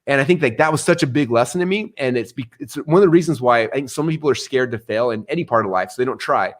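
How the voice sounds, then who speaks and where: A middle-aged man telling stories in an interview, energetic and animated, acting out the voices he quotes. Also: mid-range voice, fast talker. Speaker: guest. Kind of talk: storytelling interview answer.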